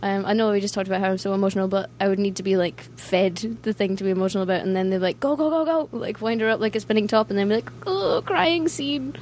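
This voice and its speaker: A woman's voice: mid-range voice, flat delivery, racing, few pauses, a little mellow, a little hiss or hum. A young woman with a Scottish accent, a band member chatting casually in an interview, laughing often and acting out quoted voices.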